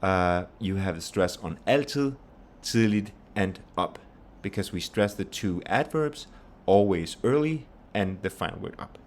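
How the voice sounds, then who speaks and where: Very deep-voiced man teaching pronunciation. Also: animated. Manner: patient, explanatory, repeats example phrases slowly. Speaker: language teacher. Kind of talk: pronunciation lesson.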